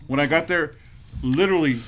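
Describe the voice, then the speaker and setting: A man with a bright, slightly high voice sits in on a casual podcast as guest co-host. He tells stories in a rambling way, with many restarts, and acts out his own reactions as he goes. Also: a little fast, a little hiss or hum. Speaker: guest co-host, former bouncer.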